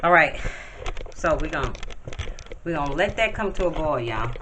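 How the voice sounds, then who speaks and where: A woman talks her viewers through a pot of soup, calling them y'all as she works at the stove. Her voice sits at a middle pitch and comes from some way off the camera mic. The kitchen sounds roomy, with plenty of background noise. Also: expressive, normal speed. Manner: chatty, addresses viewers as y'all, talks while working. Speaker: vlogger cooking at home. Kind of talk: casual cooking demonstration. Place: home kitchen. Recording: roomy, distant, noisy home video.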